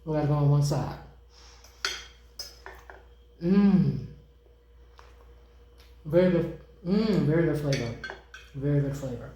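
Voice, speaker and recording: A young woman chatting casually to viewers while cooking and tasting food in her home kitchen, excitable and informal. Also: low voice, slow pace, pauses often, reverberant, slight background noise, poor audio.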